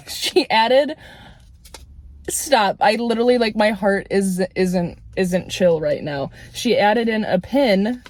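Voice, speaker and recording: A woman book vlogger chatting casually in a parked car, gushing and excitable, laughing often as she talks. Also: mid-range voice, takes it slowly, no echo. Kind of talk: casual vlog chat.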